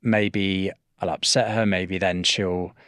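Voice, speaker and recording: A man's voice: low-pitched, level tone, takes it slowly, fairly bright tone, no echo, studio quality. A man hosting a podcast, asking questions while thinking aloud, with hesitations and restarts. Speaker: podcast host. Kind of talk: conversational podcast interview.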